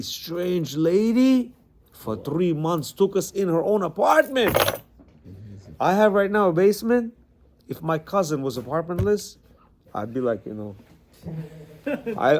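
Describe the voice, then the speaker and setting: A man with a voice on the high side teaches a class to a room of men. His manner is animated and conversational, and he often repeats words as he goes. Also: moderate pace, pauses often, slight background noise. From Central Asia, Bukharan Jewish family. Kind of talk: lecture with stories. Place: classroom with a small group of men.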